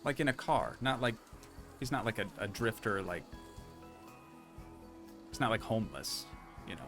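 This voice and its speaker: A man's voice: fairly low pitch, normal speed, music in the background. Chatty young man streaming a building game. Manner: relaxed, chatty, thinking aloud while building. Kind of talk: casual gameplay commentary.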